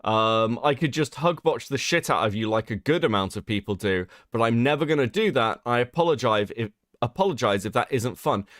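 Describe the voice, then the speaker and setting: A man's voice: mid-range voice, animated, fairly quick, hardly any pauses, a bit bright, no room sound, studio quality. A British man hosting a casual livestream, sarcastic and swearing a lot, reading chat and reacting to screenshots. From Britain. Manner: sarcastic, swears a lot, mocking voices when quoting others. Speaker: streamer host.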